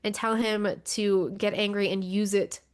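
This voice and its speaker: A woman's voice: mid-range voice, little pitch movement, a little slow. A woman co-hosting a motorsports podcast, talking through racing news in a wry, exasperated way and swearing casually. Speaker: podcast co-host.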